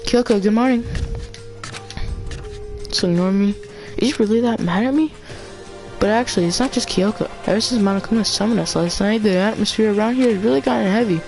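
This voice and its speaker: A woman's voice: mid-range voice, brisk, gravelly, darkish tone, faint music behind. Woman stumbling through game lines. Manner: stumbling, restarts words while reading. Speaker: let's player. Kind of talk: reading game dialogue aloud.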